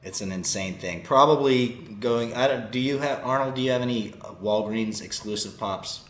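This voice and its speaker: A man's voice: medium pitch, moderate pace. A man co-hosting a casual toy podcast, upbeat and enthusiastic, asking questions of the others. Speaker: podcast co-host. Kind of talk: casual chat. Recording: echoey room, faint hiss.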